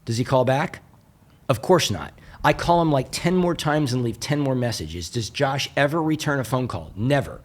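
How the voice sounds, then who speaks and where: A man's voice: medium pitch, moderate pace. An American man, a motivational speaker, telling a story with jokes and frequent asides to the audience. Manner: animated, jokey, with asides to the audience. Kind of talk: humorous storytelling talk.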